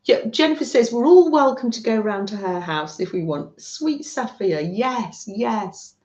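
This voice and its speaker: A woman's voice: fairly high pitch, animated, measured pace, darkish tone. A middle-aged woman from the UK hosting a craft livestream, gushing and chatting with her viewers. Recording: roomy, dull lo-fi home stream audio.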